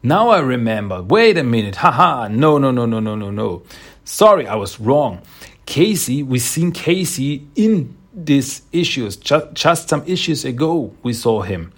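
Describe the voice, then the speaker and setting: Gravelly, husky man recapping comics. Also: medium pitch, big pitch swings, measured pace. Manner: rambling, hesitant, chuckling. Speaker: comic book reviewer.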